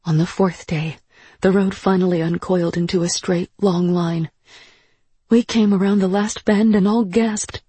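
A narrator reading a first-person story aloud in an even, measured way, close on the mic. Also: medium pitch, breathy edge, no echo. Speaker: audiobook narrator.

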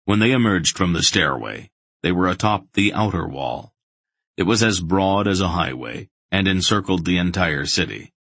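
A man reading a fantasy audiobook in steady, measured scripted narration. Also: deep voice, no room sound.

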